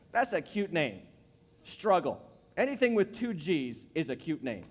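High-voiced man preaching in a reverberant hall. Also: very animated. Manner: emphatic preacher, repeats key phrases, slows for emphasis. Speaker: pastor. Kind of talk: sermon. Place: church sanctuary. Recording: long reverb of a large hall.

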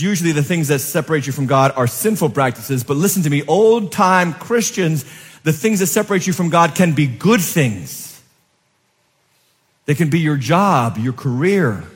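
A man preaching in a church sanctuary, his voice sitting a little high for a man. He swings from loud, emphatic peaks down to soft, low asides and keeps asking his congregation questions. A long hall reverb trails every line. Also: husky. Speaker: pastor. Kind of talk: sermon.

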